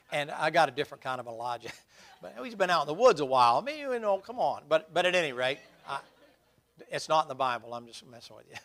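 A man's voice: mid-range voice, a bit bright. A middle-aged man preaching a sermon, telling stories in a folksy, humorous way.

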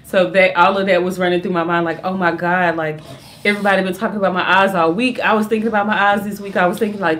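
A young woman in casual storytime chat, animated and laughing often as she tells a story, speaking in fast bursts. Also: medium pitch, a little hiss or hum. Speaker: vlogger, mother.

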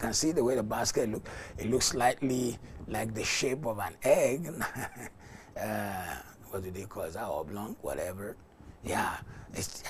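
A male pastor leading a fervent morning prayer sermon, declaring loudly, dropping to whispers and speaking in tongues. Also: medium pitch, vocal fry, slightly rough.

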